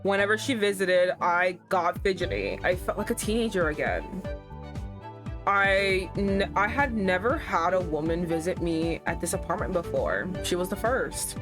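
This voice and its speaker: Young woman streamer, animated, curses a lot, reads game lines aloud, faint music behind. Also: lowish voice, normal speed. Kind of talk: casual gameplay commentary.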